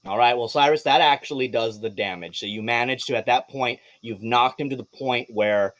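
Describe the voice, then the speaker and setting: A man running a live tabletop game as game master, narrating with animated energy, swearing and laughing. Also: medium pitch, normal speed.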